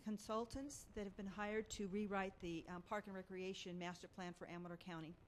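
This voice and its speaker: A woman guest on a radio interview explaining public parks workshops in a steady, informative way. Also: medium pitch, a little fast, a little hiss or hum. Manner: informative, steady, uses fillers. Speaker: guest from a parks and recreation agency.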